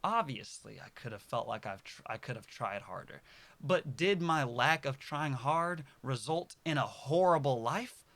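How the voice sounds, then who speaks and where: Bright-voiced young man rambling to camera. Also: mid-range voice, expressive, a little slow. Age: early 20s. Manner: rambling, self-correcting, swings between soft mutters and loud outbursts. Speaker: vlogger. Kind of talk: casual personal monologue to camera.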